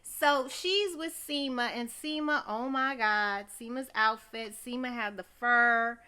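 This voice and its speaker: A woman's voice: a little high, measured pace, sharp tone, clear, resonant tone. A woman recapping a TV episode in a chatty, gossipy way, exclaiming often and talking straight to her viewers. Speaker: TV recap host.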